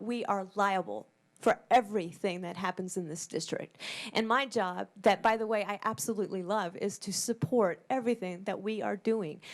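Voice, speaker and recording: Earnest emphatic woman at a board meeting. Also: medium pitch. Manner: earnest, emphatic, repeats key words. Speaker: school board member. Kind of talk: public meeting remarks.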